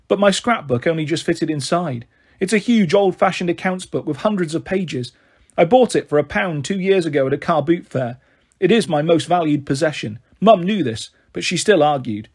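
Male storyteller, brisk first-person read, husky and a touch high. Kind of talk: reading a children's novel aloud.

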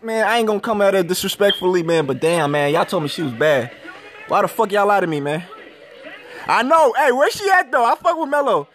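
A man's voice: sits high, expressive, brisk, a bit bright. A young man from Minnesota chatting on a phone livestream, slangy and swearing, rambling and repeating himself. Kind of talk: casual livestream chat with viewers. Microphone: phone camera. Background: faint TV audio.

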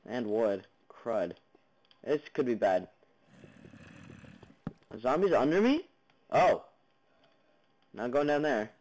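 A gaming channel host with a mid-range, slightly mellow voice narrates a block-building game slowly and animatedly, pausing often. His jumpy commentary includes chatter at monsters and viewers plus sudden yelps. The audio is poor, captured on a basic computer mic with no headphones.

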